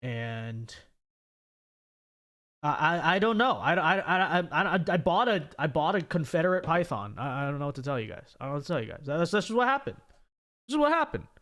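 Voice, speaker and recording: A man's voice: fairly high pitch, very animated, fairly quick, sharp tone. A man hosting a casual livestream, reading super chats with stammering repeats and a frequent "okay?". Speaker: livestream host.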